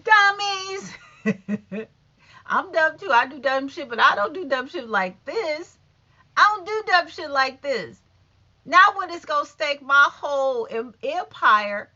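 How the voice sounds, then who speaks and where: A woman's voice: sits high, measured pace, lo-fi sound. Blunt, profane woman in her fifties. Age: 50s. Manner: blunt, profane, animated and emphatic. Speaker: vlogger. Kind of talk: casual rant to camera.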